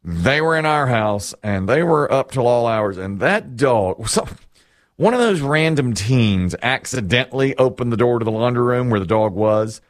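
A man's voice: mid-range voice, lively intonation, moderate pace, no echo, clean studio sound. Middle-aged man telling rambling stories. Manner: rambling storyteller, self-deprecating, laughs often. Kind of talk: casual chat.

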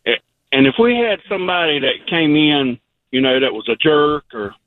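A male caller phones into a radio show and tells his story bluntly, with an easy laugh. His fairly high voice comes through a thin, tinny phone line. The sound is dry, with no room around it. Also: very animated, moderate pace, no echo. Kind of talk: phone-in call.

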